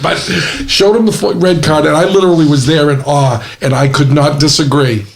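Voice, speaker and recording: A man's voice: a little high, steady tone, fairly quick. Man laughing through his own stories. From New England. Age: middle-aged. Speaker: podcast co-host. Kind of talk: casual comedic storytelling.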